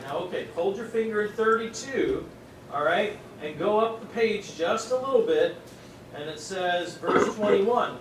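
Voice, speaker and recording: High-voiced preacher in an echoey hall. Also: male voice, expressive, unhurried. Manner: dramatic swings from loud to hushed, acting out quoted speech. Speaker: pastor. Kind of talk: sermon. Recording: echoey hall miked from a distance, audible noise.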